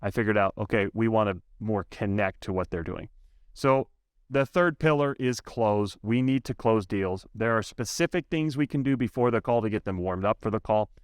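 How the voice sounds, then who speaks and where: A man who coaches software sales, speaking as a guest on a podcast interview with an emphatic, animated way of telling stories. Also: fairly low pitch, normal speed, clean tone, no echo, clean studio sound.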